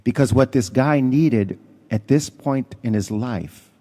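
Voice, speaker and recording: Dark-voiced priest telling stories. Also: male voice, mid-range voice, slow pace. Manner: conversational storytelling with fillers. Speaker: parish priest. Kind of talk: homily. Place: church.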